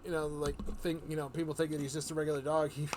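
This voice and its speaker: Speaking quickly in a higher, flat voice with a darkish tone, a man live-streams a meandering story in casual chat. He frequently laughs and starts his sentences over, and there is slight background noise.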